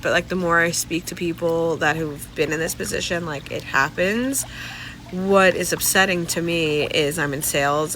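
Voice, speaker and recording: A woman's voice: low voice, pushed and bright, a little hiss or hum, poor audio. A woman in her forties giving a casual vlog update, candid and rattled. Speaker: vlogger sharing a life update.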